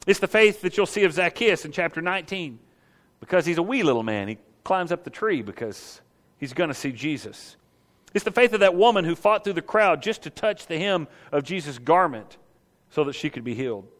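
A man preaching with a fairly high, animated voice, leaning on rhetorical questions and acting out the story for his listeners. His sermon rings out with a long reverb, as if in a large hall. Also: brisk. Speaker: pastor.

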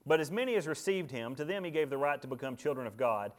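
A male pastor, preaching a sermon emphatically, swinging between loud, high declarations and low, quiet asides. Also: expressive, fast talker. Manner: emphatic preaching with big swings in loudness and pitch.

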